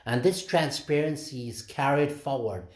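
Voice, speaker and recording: A man's voice: mid-range voice, moderate pace, darkish tone, echoey room. A man, a swami, giving an informal morning talk with stories, quoting others and restarting phrases as he goes. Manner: storytelling, quotes others, frequent restarts.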